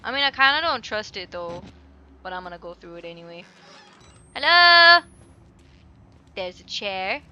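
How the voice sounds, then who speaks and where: A woman's voice: medium pitch, sing-song, moderate pace, pauses often, bright, forceful tone, highs cut off. A woman commentating a game, jittery and swearing, muttering to herself, her microphone flipped up above her head. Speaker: let's play host. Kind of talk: gameplay commentary. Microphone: headset mic flipped up above head.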